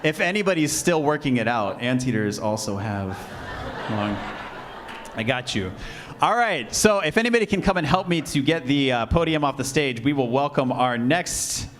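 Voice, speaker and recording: A man's voice: medium pitch, expressive, moderate pace, a bit bright. A man speaking at an event as speaker and emcee, earnest and chatty, often amused at himself, in front of a live audience in a room. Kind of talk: speech and joke to a live audience.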